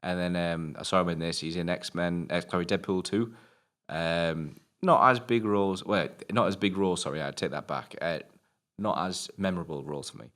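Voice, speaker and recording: A man's voice: low-pitched, fairly even intonation, moderate pace, fairly bright tone. A young British man co-hosting a film review podcast, chatting casually, swearing freely and laughing often. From Britain. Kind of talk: casual chat.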